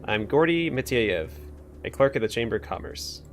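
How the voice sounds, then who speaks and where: A man's voice: medium pitch, sing-song, moderate pace, slight background noise, natural voice. A man voicing a nervous male clerk who has verbal tics and talks in a stammering, apologetic way, in a game.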